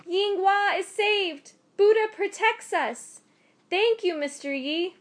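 A woman's voice: high voice, a little slow, pitched above the performer's own voice. A woman storyteller voicing a distraught young peasant wife who pleads and cries out. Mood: overjoyed. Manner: pleading, crying out.

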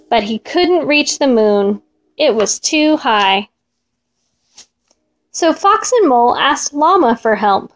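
A woman reading a children's folk tale aloud in a gentle, expressive way, drawing out repeated words. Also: high voice. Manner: gentle, expressive, drawn-out repetitions. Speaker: storyteller.

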